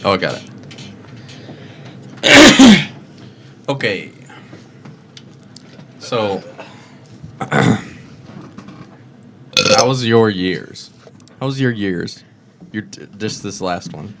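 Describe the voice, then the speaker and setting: A man's voice: on the low side, huge pitch swings, drawn-out words, long pauses, heavy background noise. A young man co-hosting a casual podcast, laid-back and slangy. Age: young adult. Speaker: podcast co-host. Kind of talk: casual chat.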